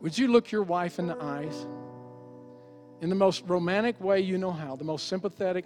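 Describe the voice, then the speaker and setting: A middle-aged man preaching as a pastor in an earnest, pleading manner, swinging from emphatic urging down to soft, quiet appeals. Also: high voice, lively intonation, fairly quick, faint music behind. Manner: earnest, pleading, rising to emphatic exhortation then dropping soft. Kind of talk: sermon.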